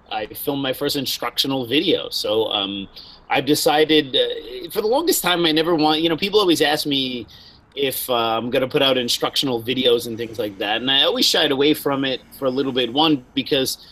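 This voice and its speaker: A man who teaches Wing Chun, calmly explaining his ideas as a guest in a casual chat. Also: mid-range voice, normal speed, poor audio.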